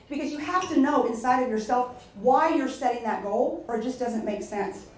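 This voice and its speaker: A middle-aged woman giving a lively motivational speech at a luncheon, telling stories and asking the audience questions. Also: sits high, normal speed, few pauses, a little hiss or hum. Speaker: keynote speaker. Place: luncheon event hall. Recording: echoey room from far off.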